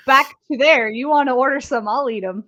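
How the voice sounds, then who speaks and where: A woman's voice: high voice, fairly bright tone. A Canadian woman co-hosting a podcast, chatting casually in a rambling, self-deprecating way. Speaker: podcast co-host. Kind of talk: casual chat.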